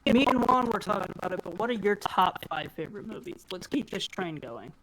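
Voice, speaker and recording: A man's voice: high-pitched, expressive, brisk, over a noisy crowd, rough recording. A young man streaming a video game and chatting loosely with friends over voice chat, swearing freely. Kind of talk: casual gaming chat with friends. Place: online voice chat.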